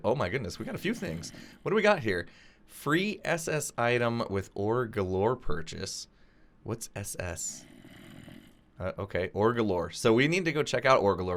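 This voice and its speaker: A man's voice: lowish voice, a bit bright. A young man with a cold, his voice in and out, hosting casual gameplay commentary in an upbeat, chatty way with frequent laughs. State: has a cold, voice in and out. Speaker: gaming video host.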